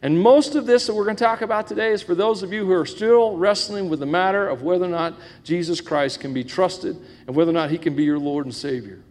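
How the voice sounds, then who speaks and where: Middle-aged man, pastor, high voice, playful preaching with questions to the room, echoey church hall. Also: quick pace, few pauses, a little mellow. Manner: joking, asks the congregation questions. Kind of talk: sermon. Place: church sanctuary with congregation. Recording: long echo of a church hall.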